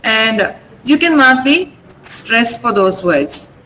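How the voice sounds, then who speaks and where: Patient Indian English teacher, echoey room. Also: female voice, on the high side, animated, bright, forceful tone. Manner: slow, deliberate, repeats words for pronunciation drills. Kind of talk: online class teaching. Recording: echoey room with faint noise.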